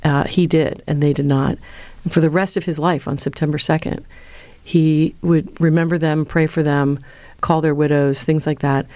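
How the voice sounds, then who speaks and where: A middle-aged woman, a former speechwriter and lecturer, answering interview questions with earnest, lively storytelling. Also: low-pitched, moderate pace, no echo. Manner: earnest, lively storyteller who acts out quotes.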